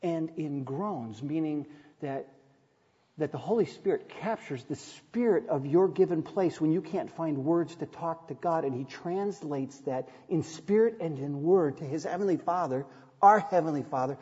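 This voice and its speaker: Mellow-voiced male pastor preaching in a reverberant church. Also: on the high side, moderate pace, breathy edge. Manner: earnest storytelling preacher, reads scripture aloud, light humor. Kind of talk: sermon. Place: church sanctuary. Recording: dull sound with long hall reverb.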